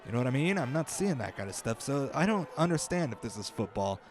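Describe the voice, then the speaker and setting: A man's voice: medium pitch, big pitch swings, fast talker. A young man hosting a comedy podcast, rambling through a bumbling, self-deprecating mock field report with the odd swear word.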